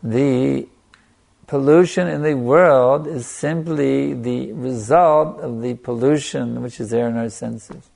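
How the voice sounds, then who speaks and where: A man preaching in a gravelly voice at an everyday pitch, driving points home by repeating phrases. After each point he lets a quiet "you see" fall away. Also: slow. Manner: emphatic, repeating phrases for stress. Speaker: spiritual teacher. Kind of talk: sermon.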